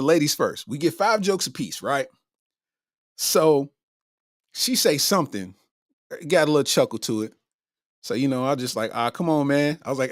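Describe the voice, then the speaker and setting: A man's voice: a little high, no echo. Guy telling a funny story, voice jumping all over, dry close mic. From Kentucky. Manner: animated, acts out his own reactions. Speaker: comedian host. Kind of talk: casual storytelling.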